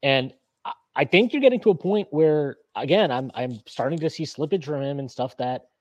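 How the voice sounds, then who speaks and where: Guy venting on a sports pod, kinda husky, slightly high voice, dry close mic, lots of restarts. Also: moderate pace, no room sound, highs cut off. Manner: opinionated, animated, swears, frequent restarts. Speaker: podcast co-host. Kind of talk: casual sports podcast rant.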